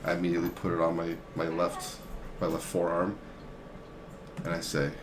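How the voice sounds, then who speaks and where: Man, very low voice, tabletop player who stammers and restarts; noisy recording. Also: completely flat delivery, moderate pace. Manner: stammering, laughs often. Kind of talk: playing a tabletop game in character.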